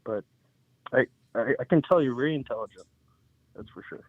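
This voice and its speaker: A man calling in to a casual political debate, talking hesitantly with halting restarts. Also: medium pitch, breathy edge, dry recording. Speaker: caller. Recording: tinny phone-like call audio.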